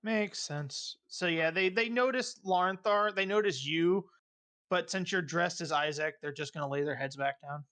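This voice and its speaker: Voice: medium pitch, moderate pace, fairly bright tone. A game master running a streamed tabletop game, laughing often and teasing the players.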